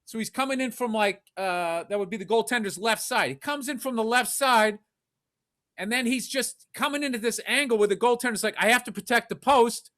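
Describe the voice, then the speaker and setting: A man's voice: extremely high pitch, fairly quick, a bit bright. A man co-hosting a comedy podcast, telling profane stories animatedly and acting out other people's voices. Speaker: podcast co-host. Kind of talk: casual comedy chat.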